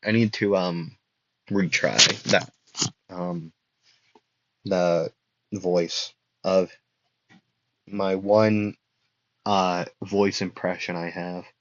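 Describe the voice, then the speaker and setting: A young man rambles through a made-up fan story at an unhurried pace, joking and correcting himself as he goes. His voice sits at an ordinary middle pitch. It comes through a dull, lo-fi home mic with a very dry sound. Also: fairly even intonation, no room sound. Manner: rambling, self-correcting, jokey.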